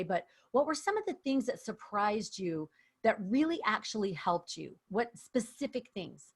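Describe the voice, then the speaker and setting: A woman's voice: medium pitch, animated, normal speed, slightly rough. A woman hosting an interview podcast, affirming her guest and asking questions. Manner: warm, affirming, asks questions. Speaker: podcast host.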